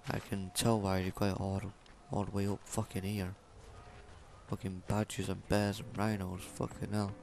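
A man giving let's-play commentary, swearing constantly and yelling at enemies in the game. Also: low-pitched, level tone, moderate pace, gravelly, noisy background. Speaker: gameplay commentator.

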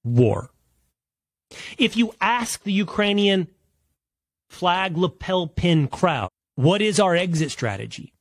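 American guy doing a political rant, fairly high voice, dry close sound, leans hard on words. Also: very animated, no room sound. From United States. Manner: emphatic, rhetorical, drawn-out stresses. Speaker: political commentator. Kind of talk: opinion monologue.

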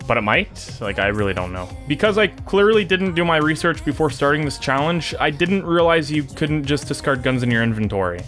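A young man giving let's play commentary, excitable and taunting the enemies on screen. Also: on the high side. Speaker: gaming YouTuber.

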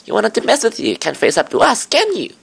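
A man doing a high sneering bat bully. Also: wildly swooping pitch, a little fast, gravelly, fairly bright tone, husky, heavily acted. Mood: taunting. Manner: mocking, taunting.

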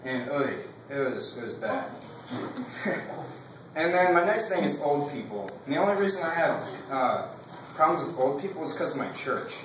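A man's voice: fairly high pitch, big pitch swings, normal speed, very echoey, recorded from a distance, noisy background. A young man giving a casual class speech. He rambles, fills his talk with "like" and laughs between his points.

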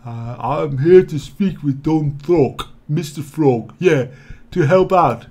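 A man plays a male half-orc adventurer from a video game in his plain voice, casual and a bit hesitant, pitched slightly high. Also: expressive, takes it slowly, dark tone, full character voice.

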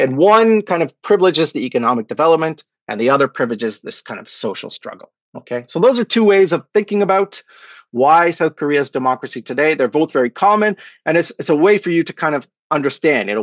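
Guy lecturing on a video call, keeps asking "right?", kinda high voice, dry muffled audio. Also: no echo. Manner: frequent "okay?" and "right?" check-ins. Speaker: guest lecturer. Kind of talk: academic lecture.

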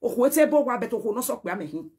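A woman's voice: fairly high pitch, animated, racing, mellow, husky. A Nigerian woman speaking to the camera in a heated message, scolding and pleading by turns and moving between Pidgin and a local language. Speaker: social media personality.

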